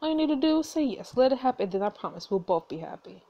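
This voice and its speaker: A woman's voice: fairly high pitch, very animated, fast talker, mellow, muffled recording, pitched above the performer's own voice. A woman reading as a smug Hollywood mogul. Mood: coaxing. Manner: smug, coaxing, threatening. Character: menacing powerful middle-aged Hollywood mogul, man.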